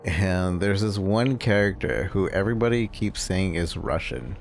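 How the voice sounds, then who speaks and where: A man's voice: low voice, lively intonation, moderate pace, gravelly, noisy background. A man streaming a video game, chatting casually in rambling asides with a chuckle. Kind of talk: casual gameplay chat. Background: game music.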